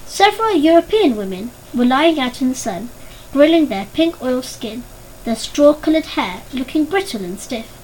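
High-voiced woman reading a story. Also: sing-song, moderate pace, darkish tone, a little hiss or hum, low-quality recording. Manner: voices characters with raised pitch. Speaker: narrator. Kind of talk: audiobook narration.

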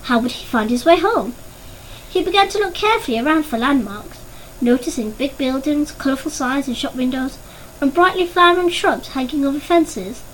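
A woman narrating a story in an expressive audiobook reading style. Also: sits high, moderate pace, a little hiss or hum, poor audio.

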